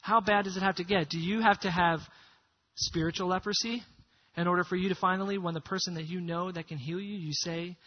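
Husky-voiced man preaching a dramatic sermon. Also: high-pitched, fairly even intonation, brisk, highs cut off. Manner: dramatic storytelling, swings from hushed to loud. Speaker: pastor.

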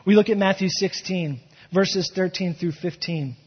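A man's voice: sits high, moderate pace, breathy edge. A man preaching a sermon as pastor, telling the scene like a story and building to impassioned emphasis. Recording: echoey hall, dull lo-fi sound.

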